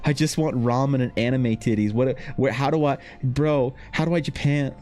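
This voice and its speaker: A man's voice: medium pitch, fairly even intonation, moderate pace, warm tone, soft background music, voice pushed up, lightly acted. A man voicing a flustered, helpless Western tourist who is lost, pleading and repeating himself. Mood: panicky.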